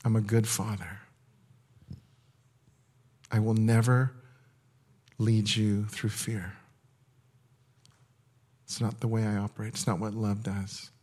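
A man speaking in the voice of a gentle, loving heavenly father, soft, hushed and reassuring, as a prophetic word in a sermon. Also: fairly low pitch, little pitch movement, slow, long pauses. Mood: tender. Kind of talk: prophetic word spoken as God.

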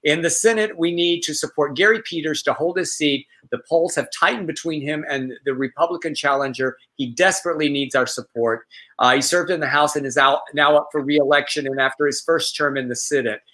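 Bright-voiced man telling a story. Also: a little high, brisk, rough recording. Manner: animated storyteller, acts out quoted voices. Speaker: co-host. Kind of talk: casual chat and storytelling.

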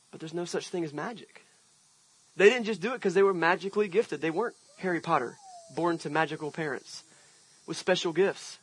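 A man's voice: fairly high pitch, fairly bright tone, breathy edge, no echo, rough recording. A man preaching an outdoor sermon as pastor, telling a personal story in a conversational way with emphatic swells. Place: outdoor park service.

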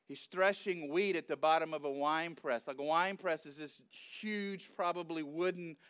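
Male pastor, conversational and animated storytelling, high and clear voice. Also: moderate pace. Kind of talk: sermon.

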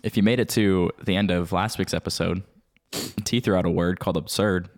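A man's voice: low-pitched, fairly even intonation, brisk. A man co-hosting a casual podcast chat, playful and laughing often as he introduces the segments. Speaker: podcast co-host.

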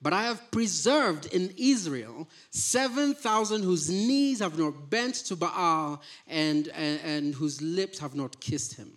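After reading a scripture passage, this pastor unpacks it in a conversational way, often stammering and starting sentences over. He speaks slowly with few pauses, in an animated, fairly bright voice that's a little high.

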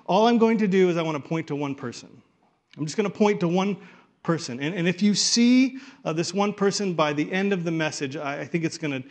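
A male pastor preaching a sermon to a church congregation, conversational and then building to emphatic points. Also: on the high side.

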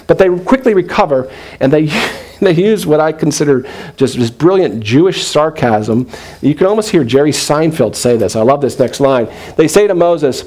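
A middle-aged man preaching a sermon in an animated way, with joking asides and quoted voices. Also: fairly high pitch, brisk. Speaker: pastor.

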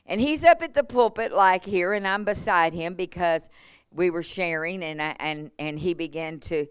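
A woman's voice: lowish voice, moderate pace, smooth, dry recording, clean studio sound. A woman, a revival preacher telling healing stories in a sermon, acting out quotes and laughing along the way. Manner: animated testimony with laughs and acted-out quotes. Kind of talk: sermon storytelling. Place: church.

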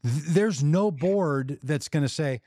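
A male podcast co-host with a warm, relaxed, medium-pitched voice talks at normal speed, recorded dry and close with no echo. In a casual political discussion he argues his point loosely and puts on mock voices for the people he quotes.

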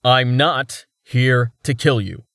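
A narrator voicing a calm armored man who speaks in a measured, patient way. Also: medium pitch, dry recording, studio quality.

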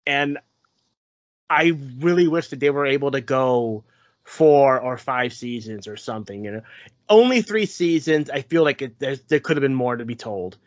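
A man's voice: medium pitch, lively intonation, moderate pace, no room sound. A man co-hosting a podcast, chatting casually and rambling with fillers and repeated words. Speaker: podcast co-host. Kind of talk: casual chat. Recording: dull lo-fi podcast mic.

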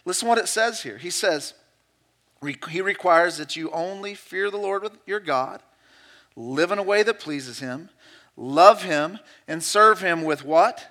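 A man preaching a sermon to his church and online viewers. He moves between hushed, pleading passages and loud, urgent exhortation, and he repeats phrases for emphasis. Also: sits high, animated, measured pace. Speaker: pastor. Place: church sanctuary, also streamed online.

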